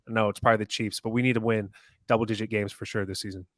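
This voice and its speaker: A man's voice: fairly low pitch, flat delivery, fast, dry recording, studio quality. Easygoing male sports podcast co-host. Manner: easygoing and agreeable, chats with his co-hosts. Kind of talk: casual sports talk.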